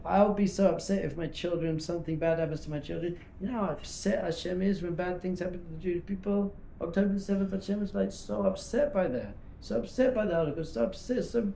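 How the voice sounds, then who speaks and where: Rabbi guy giving a chatty animated talk, kinda high mellow voice, roomy echo. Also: brisk, creaky, a little hiss or hum. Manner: animated, conversational, acts out little dialogues. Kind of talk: informal teaching talk. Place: talk hall at a yeshiva. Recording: echoey room.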